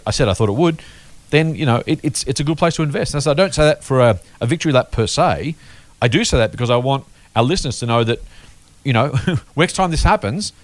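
A man, hosting a casual investing podcast chat, emphatic and lively. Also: fairly high pitch, no room sound. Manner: animated, emphatic, quick-talking. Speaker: podcast host.

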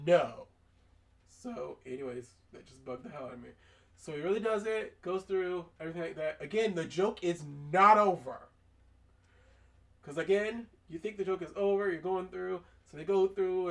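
A man's voice: high-pitched, a bit bright, recorded from a distance. A man hosting a podcast, casually recapping a cartoon episode and acting out the characters' lines in raised voices. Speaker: podcast host.

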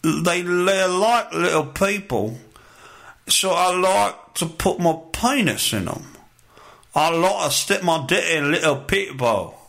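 A man putting on a slow, mocking voice of a gleeful, lewd creep. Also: high voice, lively intonation, vocal fry, a bit bright, heavily acted.

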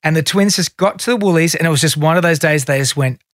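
A man's voice: a little high, fast talker, no room sound, studio quality. A middle-aged man, a guest in a casual interview, telling stories and acting out what others said. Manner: animated storyteller, acts out quotes.

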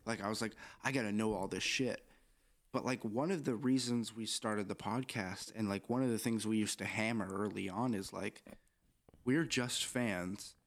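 A young man co-hosting a podcast, chatting casually in a rambling, joking, profane way. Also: fairly low pitch. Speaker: podcast co-host.

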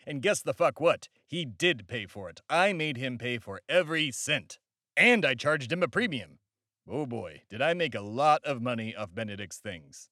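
Man, comedy podcast host, pompous, blustering, lively swooping pitch, faint music behind. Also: moderate pace. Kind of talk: satirical comedy monologue.

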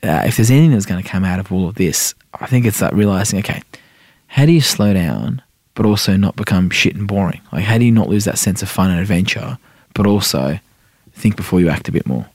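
Fast-talking man, rambling. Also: sits low, expressive, darkish tone, no echo, studio quality. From Iran. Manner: rapid, rambling, heavy fillers, asks "right?" often. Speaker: senator and podcast guest. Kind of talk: casual interview chat.

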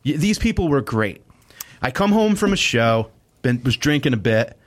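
A comedian guest in a relaxed conversation, chummy and quick to agree and laugh. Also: male voice, mid-range voice. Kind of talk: casual chat.

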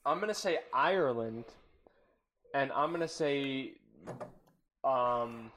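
A man's voice: mid-range voice, slow, pauses often, fairly bright tone, a little hiss or hum. A man chatting casually while playing a slang guessing game, joking around and slipping into silly mock accents. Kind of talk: casual chat.

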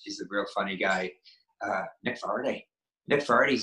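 A middle-aged man from Maine with a Maine accent, a guest actor talking in a casual interview with halting, stop-start phrasing. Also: lowish voice, pushed and bright. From Maine, USA. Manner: halting, many restarts and fillers. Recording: roomy echo.

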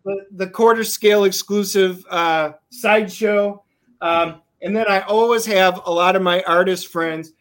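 A man on a talk show as a guest, telling animated stories over a video call. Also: high-pitched, unhurried. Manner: animated storytelling. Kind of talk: casual chat.

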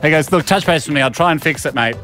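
A man's voice: a little high, quick pace, fairly bright tone, soft background music. Dry-joking Australian man co-hosting. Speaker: podcast co-host. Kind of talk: casual comedic chat.

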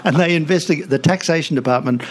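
A man's voice: fairly high pitch, fast. A man in his seventies, a guest telling anecdotes in a studio interview, chatty and laughing often, with many restarts. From Australia. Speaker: guest, TV comedian and author. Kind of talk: casual interview storytelling.

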